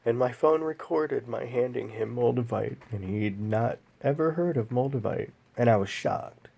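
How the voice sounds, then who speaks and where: A man vlogging a personal story in a slow, halting, emotional way, pausing often. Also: medium pitch, creaky, dark tone, breathy edge.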